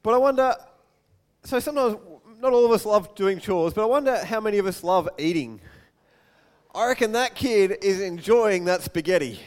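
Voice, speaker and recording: A male pastor preaching a sermon in a chatty, animated way with light self-deprecating humour and quick asides. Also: high voice.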